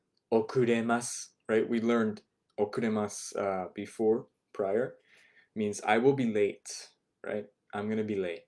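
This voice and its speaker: Patient man explaining phrases to beginner students, repeating them slowly and checking in with the class. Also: lowish voice, dark tone. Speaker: Japanese language teacher. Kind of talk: online beginner language lesson.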